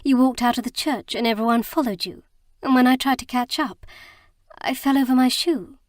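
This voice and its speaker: A woman voicing an earnest, emotional young bride in an audiobook, speaking in a halting, heartfelt way. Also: fairly high pitch, a little mellow, no echo, clean studio sound, voice pushed up, lightly acted. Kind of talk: audiobook character reading.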